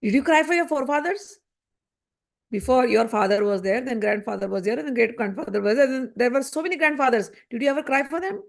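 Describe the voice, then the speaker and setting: A woman's voice: on the high side, quick pace, creaky. A woman voicing a patient young sage in a retold tale, teaching through probing, rhetorical questions.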